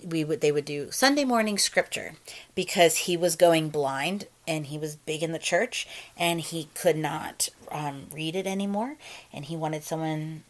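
A woman's voice: low-pitched, a little slow. A woman who works as a phone sex operator, telling stories from her job in a frank, matter-of-fact conversational way. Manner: frank and matter-of-fact, with many fillers and restarts. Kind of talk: candid conversational storytelling.

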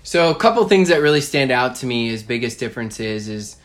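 A man co-hosting a podcast, speaking emphatically and turning to motivational advice, with excited peaks. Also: mid-range voice, a little fast. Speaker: podcast co-host, network marketing speaker.

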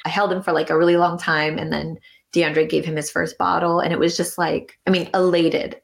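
A woman being interviewed, with a lowish voice and a gravelly fry running through her speech. She tells her story in a casual, chatty way, often using "like" and acting out what people said. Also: little pitch movement, a little fast. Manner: chatty, with frequent "like" and acted-out quotes. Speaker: interview guest, author and artist.

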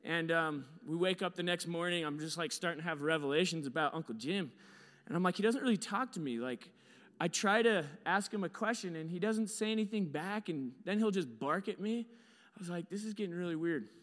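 A man's voice: fairly high pitch, moderate pace, fairly bright tone, long reverb tail. A young man telling a story with slides in a casual, rambling way. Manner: casual, rambling, lots of fillers.

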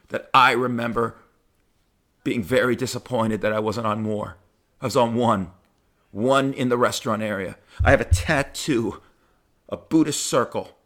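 A middle-aged man, a stand-up comedian, telling personal stories in a profane, heartfelt, animated way. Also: medium pitch. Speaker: stand-up comedian, podcast host. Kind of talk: personal storytelling monologue.

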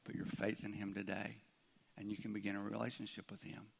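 Male pastor, low gravelly voice, informal conversational sermon. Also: level tone, brisk. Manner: conversational, acts out imagined listeners' objections.

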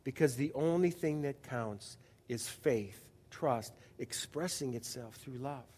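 A man's voice: mid-range voice, slow pace, darkish tone, husky, long reverb tail. A man pastor preaching a sermon in a conversational way, often asking the audience questions and restarting his sentences.

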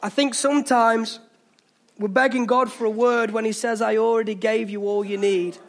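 High-voiced English preacher, rousing. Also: male voice, steady tone, normal speed. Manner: passionate, exhorting, jokey asides. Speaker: pastor. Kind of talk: sermon. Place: church hall.

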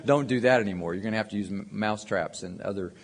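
A man preaching by telling a long homespun story, with fillers and easy asides along the way. His voice sits on the low side, and he keeps the tone conversational rather than pulpit-loud. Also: fast talker, husky. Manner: folksy storytelling with many fillers. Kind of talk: sermon told as a personal story.

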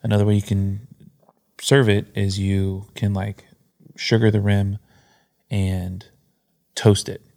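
A man's voice: on the low side, flat delivery, takes it slowly, long pauses, a little mellow. A man chatting casually as a guest on a podcast, telling stories about coffee and cocktails.

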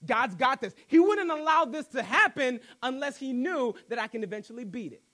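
A man with a very high voice preaches a sermon. His delivery is animated and conversational, and he slips in jokes between his points. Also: a little fast. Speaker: pastor.

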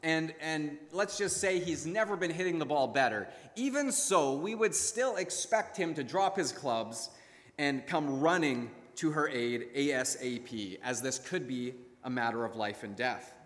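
A man preaches to his congregation in a measured sermon style, slipping into character voices when he tells a story. His voice sits a little high for a man. A long reverb trails behind his words. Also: fairly bright tone. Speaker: pastor.

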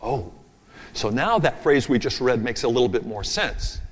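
Pastor, male, mid-pitched voice, emphatic sermon delivery with rhythmic repeats, long hall echo. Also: expressive, moderate pace, slightly rough. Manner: emphatic, repeats key phrases in a rhythmic build; talks through his notes aloud, with asides. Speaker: preacher. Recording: long reverb of a large hall.

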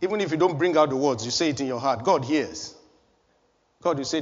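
A man's voice: a little high, a little fast, in a large hall, dull audio. A man preaching a sermon as pastor of his church, building emphasis with repeated phrases.

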